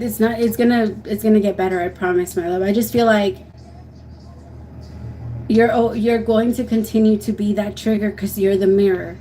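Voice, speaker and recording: A woman's voice: fairly high pitch, warm tone, slight background noise, poor audio. A young woman giving a tarot reading on a livestream, talking in a soothing, emotional way and often restarting her sentences. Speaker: tarot reader.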